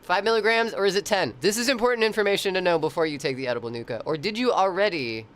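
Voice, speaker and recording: A man's voice: high-pitched, fast, a bit bright. A man streaming and chatting casually with viewers, rambling, swearing freely and laughing often. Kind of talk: casual chat.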